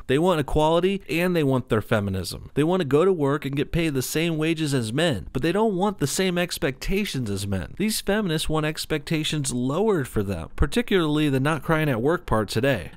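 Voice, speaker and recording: A man delivers scripted commentary with open scorn and sarcasm. His voice sits a little high for a man, recorded close in a dry space with no room sound. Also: no room sound. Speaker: commentary channel host.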